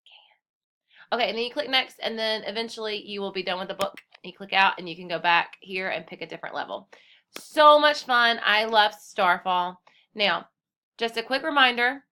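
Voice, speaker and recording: Bright-voiced cheerful woman teaching young children. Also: medium pitch. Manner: cheerful, encouraging, addresses children as friends. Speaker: kindergarten teacher. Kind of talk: screen-recorded computer lesson for young children.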